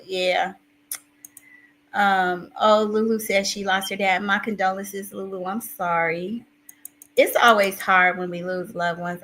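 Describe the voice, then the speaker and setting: A woman hosting a casual live stream, with a bright, forward voice. She talks with open emotion and rambles through restarts, and she reads her viewers' chat aloud as she goes. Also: medium pitch, slight background noise, rough recording. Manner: emotional, self-described crier, rambling restarts.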